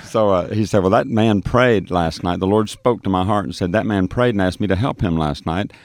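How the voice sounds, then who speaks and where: A man with a deep, low voice tells a story of his street ministry, stumbling and restarting as he goes. He acts out the dialogue he recalls. The recording is dry and close. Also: brisk, no echo. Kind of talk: telling a testimony on a radio show.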